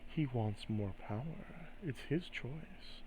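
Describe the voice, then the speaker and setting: A man's voice: medium pitch, expressive, slow, mellow. A man voicing a coaxing spirit in a cube. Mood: reasoning. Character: scheming spirit bound to a cube, offering deals.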